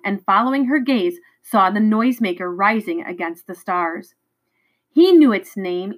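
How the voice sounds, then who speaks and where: Woman, reading a novel aloud, expressive, occasional stumbles, mid pitch. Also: poor audio. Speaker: reader.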